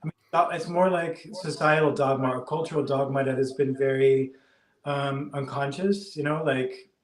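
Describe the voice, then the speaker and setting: A man in his fifties speaks at a medium pitch in a relaxed, easygoing way. He is the guest in a casual interview chat. His voice rings out in an echoey room. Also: normal speed. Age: 50s. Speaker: past life regression hypnotist guest.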